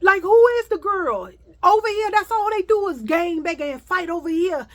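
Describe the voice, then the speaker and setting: A woman's voice: very high voice, expressive, normal speed, pitched above the performer's own voice. A woman voicing shocked, sympathetic bus passengers who fuss and exclaim.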